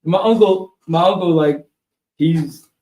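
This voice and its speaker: A man co-hosting a live webshow, telling a long profane story in a loose, animated way. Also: on the high side, slow, echoey room, distant mic, low-quality recording. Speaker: co-host. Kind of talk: casual storytelling chat.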